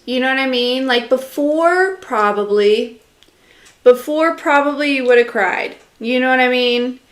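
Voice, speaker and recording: Her voice sits high and moves a little slowly, with a roomy sound around it. As an intuitive reader on a relaxed live stream, she meanders through a channeled message, leaning on fillers, addressing her audience directly and responding to what they comment.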